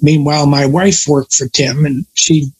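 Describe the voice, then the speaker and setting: With a fairly high, steady voice that's slightly rough and a measured pace, this older guest rambles through long tales of his working years in a relaxed chat. He keeps stopping to correct himself, and the recording is low quality.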